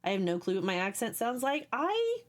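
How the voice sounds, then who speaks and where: A woman's voice: a little high, wildly swooping pitch. Youthful-sounding woman with a Texan Southern accent. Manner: candid and profane, with quick asides. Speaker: livestreamer. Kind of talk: casual chat with stream viewers.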